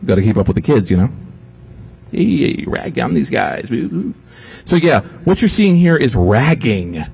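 A man speaks to a live audience in a loose, joking lecture, his pitch swinging widely as he mocks and quotes others. His voice is slightly husky, and he swears freely without losing his train of thought. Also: very animated, moderate pace, a little mellow. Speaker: speaker giving a talk. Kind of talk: profane comic lecture.

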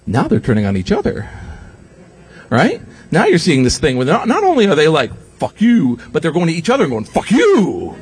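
A man's voice: a little high, fast, husky. A man giving a comic lecture to an audience, sarcastic and profane, putting on mocking voices for the people he quotes. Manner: animated, sarcastic, swears freely, quotes others in mocking voices. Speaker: speaker giving a talk.

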